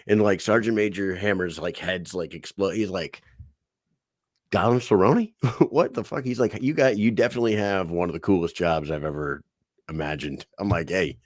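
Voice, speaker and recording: A low-pitched man co-hosting a casual podcast, spinning an animated story and swearing freely. He slips into quick impressions of the people he quotes. The sound is close and dry, with no room around it. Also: no room sound. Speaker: podcast co-host. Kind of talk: casual chat.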